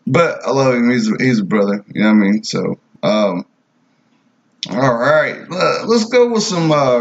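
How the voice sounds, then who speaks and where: A man's voice: medium pitch, a little hiss or hum. A man hosting a radio show, talking in a casual, rambling way. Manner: laid-back, rambling with fillers. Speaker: radio host. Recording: dull lo-fi audio.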